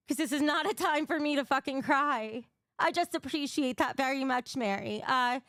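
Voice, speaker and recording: A woman's voice: high-pitched, normal speed, fairly bright tone, no room sound, clean studio sound. A young woman hosting a livestream, talking bluntly and emotionally, swearing freely while answering her chat. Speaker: livestream host.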